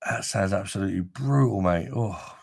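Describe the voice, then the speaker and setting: A man's voice: sits low, moderate pace, vocal fry, darkish tone, husky. A man chatting casually on a live stream, rambling and swearing freely, with a chesty cough from an infection. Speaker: livestream host.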